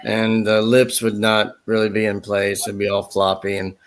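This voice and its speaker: A man's voice: fairly low pitch, level tone, normal speed, crowd noise. A man hosting a casual chat, rambling along, laughing often and slipping into voices. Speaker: host.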